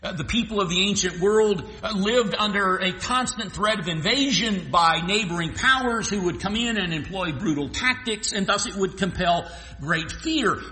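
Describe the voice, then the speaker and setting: A man's voice: high-pitched, moderate pace, sharp tone. A male pastor preaching an earnest expository sermon, sometimes restarting his phrases. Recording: echoey hall with long reverb.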